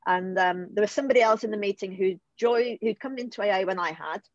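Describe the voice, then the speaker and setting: A woman's voice: mid-range voice, quick pace, no echo. British woman in her middle years, emotional and heartfelt, keeps restarting, dull muffled call audio. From United Kingdom. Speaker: guest. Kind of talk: personal recovery story in conversation.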